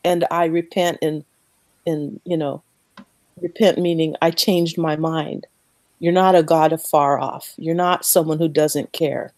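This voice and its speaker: A woman speaking slowly and earnestly about her faith as a guest, emotional and close to tears, repeating words as she goes. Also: deep voice, fairly even intonation, darkish tone, dry recording. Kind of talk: emotional faith talk on a podcast.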